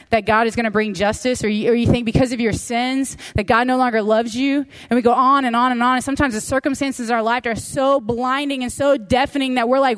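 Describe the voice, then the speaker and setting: A woman teaching a women's Bible study, emphatic, repeating key phrases and acting out prayers. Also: fairly high pitch. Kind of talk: impassioned teaching to a women's group. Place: room with a women's group.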